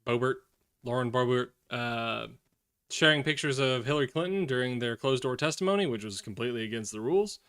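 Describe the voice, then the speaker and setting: Bright-voiced man ranting over news. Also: mid-range voice, brisk, clean tone. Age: adult, has children. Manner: profane, swings from angry rants to weary mutters. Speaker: streamer reacting to news. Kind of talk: casual live commentary.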